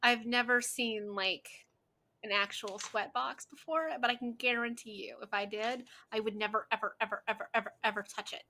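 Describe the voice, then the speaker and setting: Casual co-host: woman, bright higher voice, chatty, laughs a lot. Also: steady tone, moderate pace, a little hiss or hum. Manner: chatty, laughs often, playful asides. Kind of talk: casual watch-along chat.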